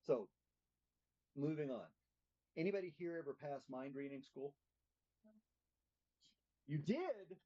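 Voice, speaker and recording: Middle-aged male class teacher, husky and plainspoken, on a dull lo-fi recording. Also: fairly high pitch, takes it slowly, long pauses, dark tone. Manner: plainspoken, asks the group questions. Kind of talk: interactive teaching talk.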